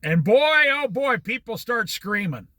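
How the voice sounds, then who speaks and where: A man's voice: high-pitched, big pitch swings, measured pace, pushed and bright, no echo. A man giving a motivational talk in a folksy way, repeating his points for emphasis. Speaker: speaker.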